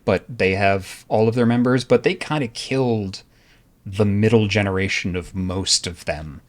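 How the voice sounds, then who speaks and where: A man's voice: fairly low pitch, normal speed. A man running a tabletop role-playing game, explaining the setting in a casual, rambling way. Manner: casual, rambling, many fillers. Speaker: game master.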